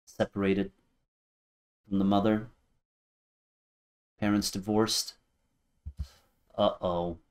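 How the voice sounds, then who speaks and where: Man, 30s, low voice, casual reaction commentary, thinks out loud. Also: flat delivery, slow, pauses often. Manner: musing aloud, thinking through guesses. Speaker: reaction video host.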